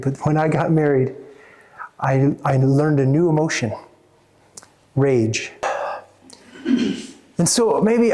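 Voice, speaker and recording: A man, a therapist and coach, speaking earnestly to a small audience, halting with many restarts. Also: medium pitch, darkish tone.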